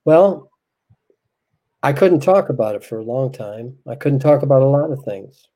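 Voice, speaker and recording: A man with a mellow, rounded voice sits as a guest in an interview. He talks in a soft, reflective, unhurried way, sharing a heartfelt personal story. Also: medium pitch, expressive, low-quality recording.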